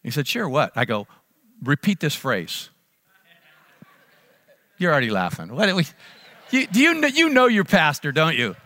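A man's voice: fairly high pitch, big pitch swings, normal speed, long pauses, sharp tone, dry recording. A middle-aged man preaching a sermon as pastor, emphatic and repeating key phrases for stress.

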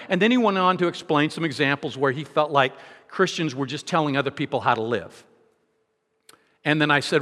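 Animated preacher in an echoing hall. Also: male voice, on the high side, fairly quick. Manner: animated storyteller with rhetorical questions. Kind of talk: sermon with a personal story.

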